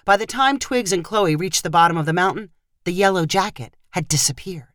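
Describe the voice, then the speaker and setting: Woman, story narrator, expressive, lively pitch, dry recording. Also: fairly quick, no room sound. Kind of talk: fiction story reading.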